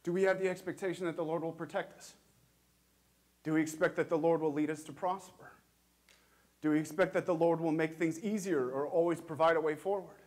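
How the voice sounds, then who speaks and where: Earnest preaching man, fairly high voice. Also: steady tone, a little mellow. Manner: questioning, earnest, measured with emphatic pauses. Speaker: pastor. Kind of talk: sermon. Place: church.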